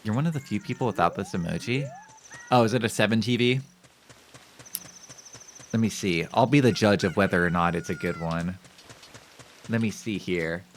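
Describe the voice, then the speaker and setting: A man's voice: lowish voice, moderate pace, pauses often, a little hiss or hum. A man streaming gameplay live, chatting casually with his viewers in a joking, self-mocking way. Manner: animated, joking, talks to chat.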